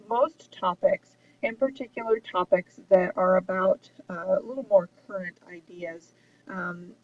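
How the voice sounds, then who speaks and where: A woman giving a recorded lesson on essay writing, explaining steadily with frequent ums and uhs. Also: mid-range voice. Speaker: writing instructor. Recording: dull distant mic with faint hiss.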